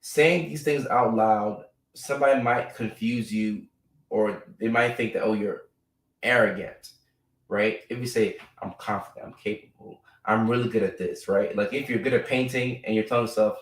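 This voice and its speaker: An American man hosts a live stream casually and chattily, often tagging points with "right?" and filler words. His voice is on the low side, and he's a bit off-mic and far from it in an echoey room.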